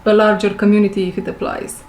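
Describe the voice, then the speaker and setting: A woman who speaks English as a second language, giving an intuitive spiritual reading to her viewers. She talks slowly, repeats her phrases and searches for words. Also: medium pitch, little pitch movement, darkish tone, reverberant. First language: not English. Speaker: intuitive reader.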